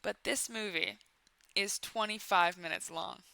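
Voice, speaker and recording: A young woman riffing on a bad movie with a sarcastic, playful delivery. Her voice is bright and clean, and the recording sounds dry and close. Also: medium pitch, a little slow, creaky, no echo. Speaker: YouTube commentary host. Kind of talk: casual comedic movie commentary.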